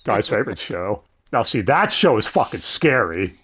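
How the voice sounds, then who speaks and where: A man's voice: lowish voice, big pitch swings, normal speed, fairly bright tone, slightly rough. A young man hosting a livestream, rambling casually about dubs, swearing and correcting himself as he goes. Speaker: stream host.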